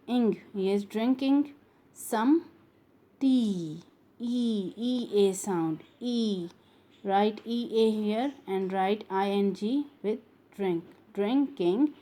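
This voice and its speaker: A woman's voice: medium pitch, dark tone. A woman teaching a phonics lesson to young pupils, repeating each sound and word over and over.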